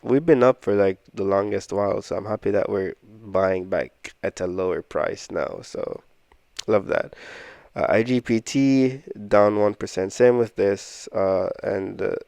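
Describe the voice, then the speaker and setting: Male investing vlogger, low gravelly voice, rambling and self-deprecating, dry close sound. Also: unhurried, darkish tone, no room sound. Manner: rambling, self-deprecating, thinking aloud with frequent "I don't know". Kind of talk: casual portfolio walkthrough.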